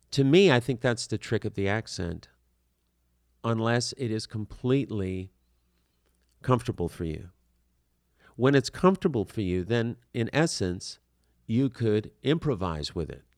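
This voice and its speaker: Man, acting coach, lowish voice, dry close sound, earnest, rambling with fillers. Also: a little mellow, no echo. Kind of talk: conversational teaching talk.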